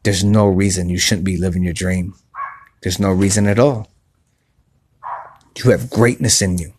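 A man hosting a podcast, giving earnest, repetitive motivational talk in a soft voice, recorded on his phone outside on a patio. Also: low voice, fairly even intonation, normal speed, a little hiss or hum. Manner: earnest, repetitive, restarts often; speaking softly. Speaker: podcast host. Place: outdoor patio by a pool at night.

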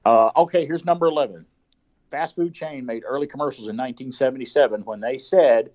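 A man's voice: mid-range voice, a little mellow. Playful quizmaster man on lo-fi radio. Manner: playful quizmaster, reads slogans slowly and teases. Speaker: radio talk show host. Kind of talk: casual radio quiz chat.

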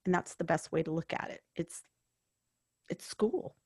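A woman with a somewhat low voice speaks earnestly about faith and her work with the dying. She tells little stories in an easy conversational way. The sound is dry and close, with no room around it. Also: normal speed, darkish tone, slightly rough, no room sound. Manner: earnest, storytelling, spiritual. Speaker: hospice worker and bereavement counselor. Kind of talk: conversational interview.

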